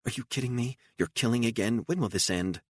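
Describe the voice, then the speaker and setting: A man's voice: mid-range voice, fairly quick, no room sound, studio quality, voice pushed up, close to an everyday voice. A man voicing a frightened, emotional woman on the run, pleading and incredulous and raising her voice often, in an audiobook. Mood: distraught.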